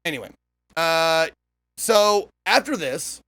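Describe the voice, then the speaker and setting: A man's voice: a little high, animated, slow, pushed and bright, clear, resonant tone. A man streaming a game and chatting casually, rambling and swearing, often trailing off. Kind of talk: casual gameplay commentary.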